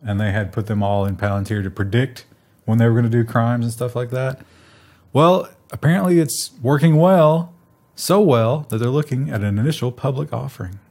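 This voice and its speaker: A man's voice: mid-range voice, darkish tone. A man co-hosting a tech news show in casual chat, making dry, sarcastic jokes.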